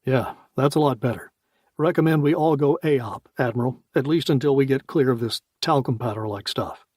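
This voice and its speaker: A man voicing a calm male starship captain who explains things in a matter-of-fact way. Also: medium pitch, moderate pace, husky, dry recording, studio quality, close to an everyday voice.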